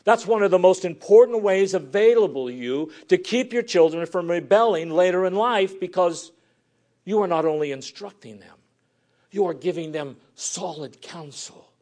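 A male pastor preaching a sermon earnestly, swinging from forceful emphasis down to hushed, near-whispered lines. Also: sits high, normal speed.

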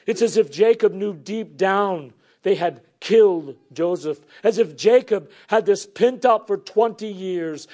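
A man preaching a sermon, earnest, moving between emphatic declarations and hushed, soft passages. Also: high-pitched, measured pace, few pauses.

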